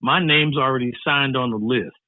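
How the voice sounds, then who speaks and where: A man's voice: mid-range voice, moderate pace, no room sound. A man telling a story as an interview guest, playfully acting out the voices of the people in it. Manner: lively, acts out every voice in his stories. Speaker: entertainer and guest. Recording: tinny phone-like, dry line.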